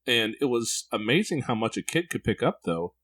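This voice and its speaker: A man's voice: medium pitch, very animated, normal speed, a bit bright. A man hosting a parenting podcast, talking in a candid, reflective way. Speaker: podcast host. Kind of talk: podcast interview.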